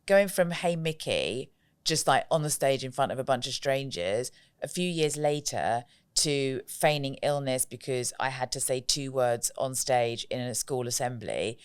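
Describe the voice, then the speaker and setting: A woman with a low, resonant, clear voice, talking casually as a podcast guest. She tells lively stories, acts out what people said and laughs often. The recording is close and dry. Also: normal speed, hardly any pauses, no echo. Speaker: podcast guest, joy coach. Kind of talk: casual interview chat.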